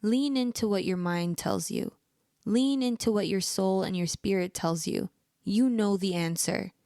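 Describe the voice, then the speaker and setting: A woman's voice: medium pitch, a little slow, warm tone, dry recording. Earnest woman giving advice, dry sound. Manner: earnest, encouraging, speaks directly to the listener. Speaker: podcast host. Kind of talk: personal advice monologue.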